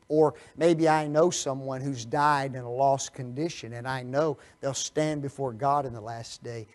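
A man preaching a Bible study sermon, firing rhetorical questions at his listeners and swinging from quiet asides to loud, emphatic bursts. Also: medium pitch. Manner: animated, rhetorical questions to the audience.

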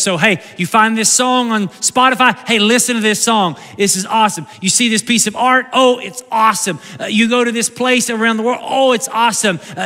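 A male pastor preaching a conversational sermon, moving from loud bursts to hushed, slow lines, recorded live in a church sanctuary. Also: high voice, big-room sound.

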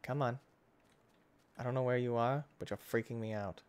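Casting: man, gaming host, chatty play-by-play that jumps from yelps to near-whispers, average pitch. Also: moderate pace, smooth. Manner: excitable, jumps between loud outbursts and hushed muttering. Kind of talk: casual let's-play commentary.

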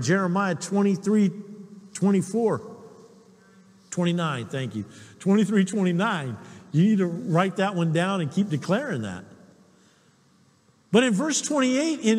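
Husky high-voiced pastor, all over the place pitch-wise, telling stories in a big echoey church. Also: male voice, measured pace. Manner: animated storyteller, chuckles often. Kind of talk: sermon with personal stories.

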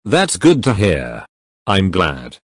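A cheerful, gentle young hero, played by a man in a fan audio drama, teasing playfully and apologizing through giggles. His voice is lively in pitch and recorded close and dry. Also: slow, breathy edge, no echo, full character voice.

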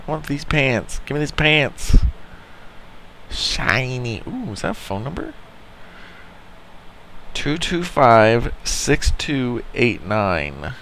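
A man giving casual, excitable commentary while playing a video game, reacting out loud and swearing often. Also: medium pitch, takes it slowly, long pauses. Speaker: let's play gamer.

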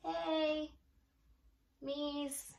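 Woman ESL teacher; slow, repeats phrases for learners; slightly high pitch. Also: level tone, vocal fry, darkish tone, poor audio. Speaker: English teacher. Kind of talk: classroom language lesson.

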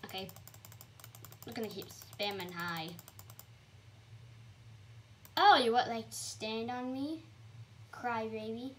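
Young female gamer, higher voice, bouncy delivery, faint keyboard clicks behind. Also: takes it slowly, long pauses, a little hiss or hum. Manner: excitable, chatty, sudden high squeals. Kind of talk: casual gameplay commentary.

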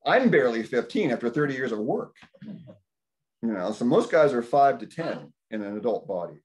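A man in his fifties giving a rambling, casual talk at a community dinner, telling stories and acting out his own thoughts. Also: normal speed. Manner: animated storytelling, acts out his own thoughts in higher voice. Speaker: health practitioner speaking at a community dinner. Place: indoor community dinner gathering.

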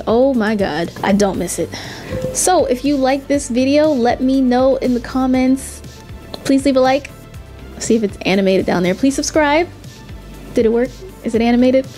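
A young woman vlogger reading out dating-app messages and reacting to them with sassy, animated commentary. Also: a little high. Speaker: YouTube vlogger.

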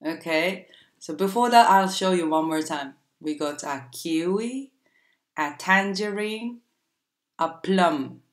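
A woman teaching a playful vocabulary game to children, speaking in a slow, exaggerated teacher voice. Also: fairly low pitch, expressive. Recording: echoey room.

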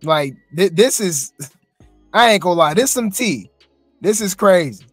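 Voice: mid-range voice, lively intonation, unhurried, a bit bright, slightly rough, dry recording, faint music behind. A gossip commentary host reacting to clips, chatty, slangy and incredulous.

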